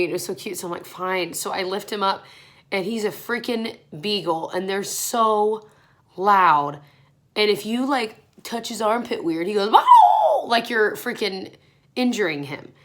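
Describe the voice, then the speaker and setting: A woman's voice: mid-range voice, a bit bright. A young woman in her twenties talks casually to her camera while getting ready in a small room at home. She sounds tired and rambles from one thought to the next, with frequent laughs mixed into her chat. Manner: chatty and rambling, laughs often. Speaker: beauty vlogger.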